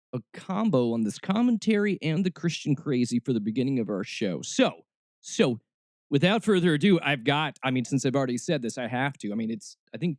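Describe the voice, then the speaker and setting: A man's voice: mid-range voice, darkish tone, no room sound, studio quality. A man hosting a snarky comedic podcast, talking sarcastically and slipping into mock voices. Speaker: podcast host.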